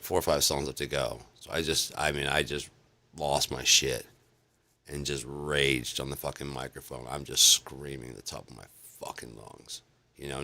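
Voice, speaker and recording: A man with an extremely low, rough, gravelly voice tells a story in a loose, rambling vlog style. He swears constantly, backtracks and restarts his sentences, and sounds like he is chatting to the camera. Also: bright, forceful tone. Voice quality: very deep gravelly voice. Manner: rambling, profane, restarts often. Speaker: vlog host. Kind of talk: casual storytelling monologue.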